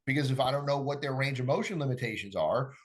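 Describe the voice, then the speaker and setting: Speaking quickly in a mid-range voice, a middle-aged man who coaches golf tells stories on a podcast in a casual chat, animatedly performing the conversations he describes.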